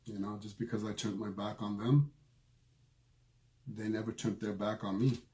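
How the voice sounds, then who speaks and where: Mellow, low-voiced man telling an emotional story. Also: little pitch movement. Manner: earnest and emotional, halting with repeated phrases. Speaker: spiritual medium. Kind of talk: personal storytelling to camera.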